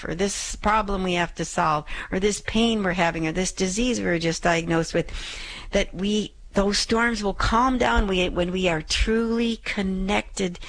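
A woman's voice: mid-range voice, low-quality recording. A middle-aged woman hosting a call-in prayer show, giving an earnest gospel reflection and repeating scripture lines for emphasis.

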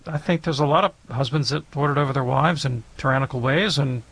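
A man's voice: mid-range voice, brisk, a bit bright, breathy edge. A man in his fifties, the resident expert on a call-in radio show, answering questions thoughtfully with frequent restarts.

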